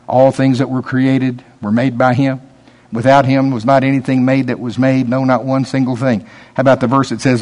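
A man preaching a sermon in a conversational way, laughing and teasing his listeners, rising in pitch and volume when he stresses a point. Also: fairly even intonation, normal speed, darkish tone.

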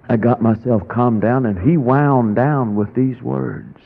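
A man's voice: medium pitch, a little slow, vocal fry, hardly any pauses. A male preacher telling a personal story in a sermon, dramatic and drawn out, with sudden rises in his voice. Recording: tinny phone-like radio broadcast.

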